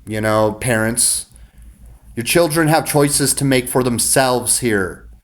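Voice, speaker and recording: A man's voice: mid-range voice, slow. Rambling, profane man ranting. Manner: rambling, profane, many restarts. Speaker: vlogger. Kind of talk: casual ranting monologue.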